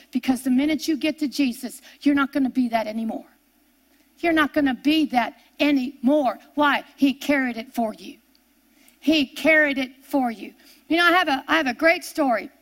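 High-pitched older woman preacher, emphatic storytelling with repeats and hushed turns. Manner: repeats words and phrases, dramatic swings from emphatic to hushed. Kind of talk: sermon storytelling.

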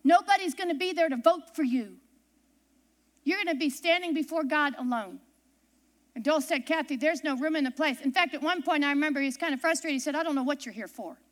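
A woman's voice: high-pitched, a little fast. A woman preaching a sermon, emphatic and repeating her key phrases for weight.

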